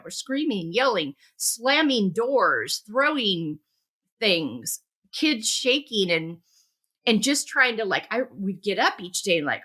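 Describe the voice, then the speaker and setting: A woman hosting a podcast, talking conversationally and stressing key words with animated rises. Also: mid-range voice, moderate pace. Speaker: podcast host.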